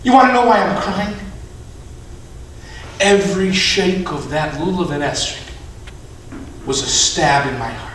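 Sly male Satan, low and hushed, put on by a man, from a distant mic. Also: measured pace, long pauses, a little hiss or hum. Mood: wounded. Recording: echoey room, mic at a distance.

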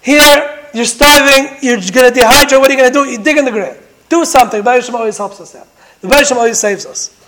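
A man with a strikingly high voice delivers a Torah lesson in the manner of a sermon. He presses his points with one rhetorical question after another. His stories build through dramatic repetition. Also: quick pace, pushed and bright, low-quality recording. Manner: emphatic, full of rhetorical questions. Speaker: Torah teacher.

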